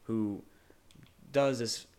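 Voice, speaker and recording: Low-voiced man co-hosting a movie podcast. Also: fairly even intonation, very slow, darkish tone, smooth. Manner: joking, loose, swears casually; rambling with many restarts. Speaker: podcast co-host. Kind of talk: casual movie discussion.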